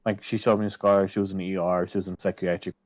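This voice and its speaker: A man's voice: low voice, little pitch movement, fast, no room sound, rough recording. A man telling a personal story in casual podcast chat, swearing often and acting out his own past lines. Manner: swears a lot, quotes himself loudly.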